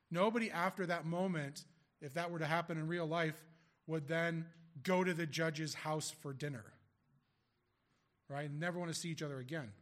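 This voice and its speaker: A man's voice: fairly high pitch, a bit bright. A man preaching a sermon as a pastor, explaining scripture in a conversational way with rhetorical questions to the congregation.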